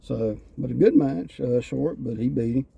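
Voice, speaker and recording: A man's voice: medium pitch, moderate pace, creaky, over a noisy crowd. A man, co-hosting a casual wrestling review and animatedly retelling scenes. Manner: animated storyteller, acts out quotes. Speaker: podcast co-host reviewing wrestling. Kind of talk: casual chat.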